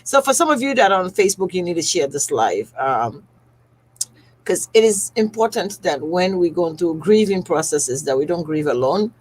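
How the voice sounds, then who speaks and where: A woman's voice: lowish voice, very animated, normal speed, a little mellow, slightly rough, poor audio. A woman running her business's livestream, talking to viewers in a heartfelt way and close to tears. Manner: heartfelt and tearful, speaking directly to viewers. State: on the verge of tears. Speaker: skincare business owner hosting a live stream. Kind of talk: emotional personal livestream.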